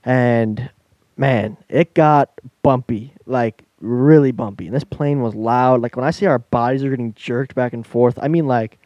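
Male podcaster, animated storyteller, warm low-key timbre, dry sound. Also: measured pace, no room sound, highs cut off. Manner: animated storyteller, laughs while telling, acts out voices. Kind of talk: casual storytelling chat.

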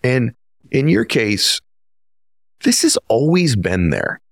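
A man's voice: mid-range voice, wildly swooping pitch, slow pace, gravelly, no room sound, clean studio sound. A man hosting an interview, introducing his guest with earnest, emphatic storytelling. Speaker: podcast host.

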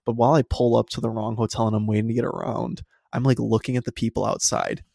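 A young man tells a story in an exasperated, casual way, swearing and laughing as he goes. His voice has a gravelly, fried edge. The sound is close and dry. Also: mid-range voice, level tone, fast talker, few pauses, a little mellow, dry recording. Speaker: podcast co-host.

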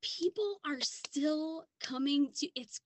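A South Dakota woman co-hosts a podcast, chatting casually in a blunt, profane style and laughing easily. Her voice is high and slow, with slight background noise in the recording.

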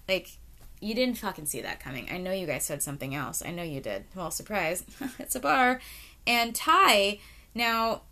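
A woman's voice: medium pitch, pushed and bright. A woman in her thirties telling a true crime story to camera in a casual, chatty way, full of fillers and swearing, and talking straight to her viewers. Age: 30s.

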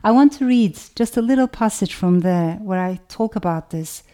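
A woman from Turkey with a Turkish accent, an author giving a thoughtful, measured talk that includes a reading of her own writing. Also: mid-range voice, expressive, dark tone. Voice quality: thoughtful, measured, builds long lists.

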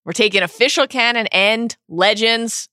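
Bright-voiced woman podcast co-host. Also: fairly high pitch, no room sound, clean studio sound. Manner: bubbly, laughs often, quick bursts. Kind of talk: casual podcast chat.

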